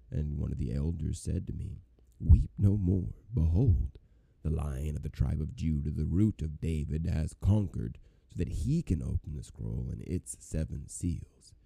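Male Bible reader: very low, dark and gravelly; solemn, measured scripture reading, dry sound. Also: dry recording.

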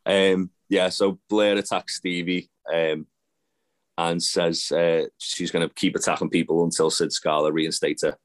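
A man's voice: sits low, flat delivery, measured pace. A man co-hosting a casual podcast, rambling with lots of fillers and restarts. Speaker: podcast co-host. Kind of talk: casual wrestling chat.

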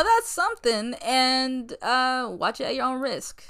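Female co-host, bright and crisp, easygoing rambling chatter with a joking edge. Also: high voice, sing-song, a little slow. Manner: joking, rambling, laughs often. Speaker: podcast co-host. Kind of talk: casual chat. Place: at home.

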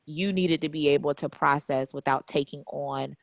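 A woman hosting a podcast interview, relaxed and chatty, with casual slang. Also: low-pitched, normal speed, vocal fry, no room sound. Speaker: podcast host.

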